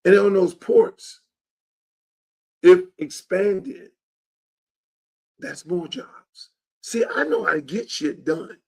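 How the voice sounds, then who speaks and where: A man's voice: high-pitched, expressive, slow, vocal fry, long pauses, darkish tone. A man hosting his own show and talking about his run for office in an emphatic, blunt, profane and repetitive way. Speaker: show host and political candidate. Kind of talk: casual political monologue.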